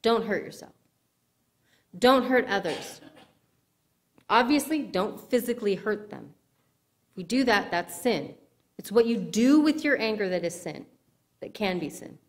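A woman's voice: medium pitch, animated, unhurried, long pauses. Woman preaching in church, chatty teaching tone, checks if folks follow. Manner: conversational teaching, asks the audience if it makes sense. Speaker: speaker at a church service. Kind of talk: sermon-style teaching.

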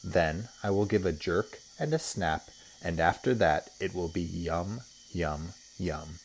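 A man's voice: low-pitched, takes it slowly, a little hiss or hum. A man doing a greedy scheming crocodile. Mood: gloating.

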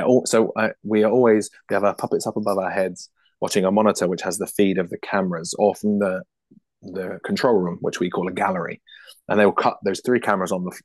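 A British man talking as a puppeteer guest in a casual interview. He is animated, laughs often and restarts his sentences quickly. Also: fairly low pitch, dry recording. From United Kingdom.

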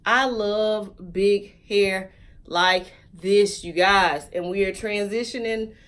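A woman's voice: mid-range voice, fairly even intonation, takes it slowly, a bit bright. A woman chatting casually and joking straight to viewers while reviewing a wig for her vlog.

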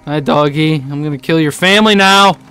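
A man's voice: a little high, brisk, pushed and bright, smooth, faint music behind. A young man streaming a video game, swearing, complaining and laughing in mock grief. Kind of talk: casual game commentary.

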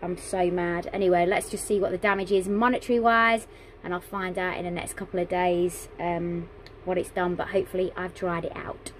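A woman's voice: lowish voice, level tone, a little fast, slight background noise. Exasperated chatty woman vlogging in a caravan. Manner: chatty, exasperated, with many fillers. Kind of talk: casual vlog. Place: inside a caravan.

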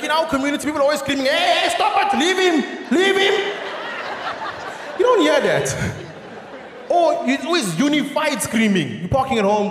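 Lively South African man doing stand-up. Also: high voice, a little hiss or hum. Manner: animated, acts out shouting characters, laughs at own jokes. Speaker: stand-up comedian. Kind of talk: stand-up comedy. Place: large theatre stage. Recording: roomy live theatre sound with audience.

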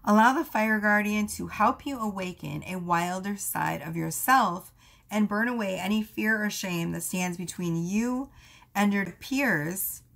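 A woman giving a casual tarot reading, rambling with many fillers and asides, her voice going hoarse. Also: medium pitch, a bit bright. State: losing her voice. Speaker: tarot reader.

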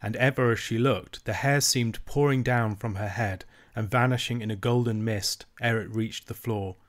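A man narrating an old children's novel, his mid-pitched voice steady and measured. He reads at an even, deliberate pace, letting the long descriptive sentences unfold. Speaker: audiobook reader. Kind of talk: reading a classic children's novel aloud.

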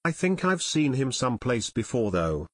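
An eager, quick-tempered teenage detective in an audiobook, snapping back quickly, as a male narrator reads him. The pitch moves a lot, and the recording is dry and close. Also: very animated, dry recording.

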